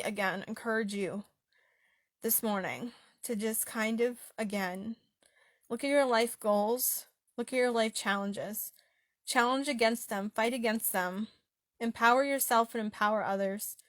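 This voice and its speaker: A young woman, an author talking earnestly and encouragingly, with many ums and pauses, getting emotional at times. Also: a little high, a bit bright, dry recording, clean studio sound. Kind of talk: heartfelt personal talk.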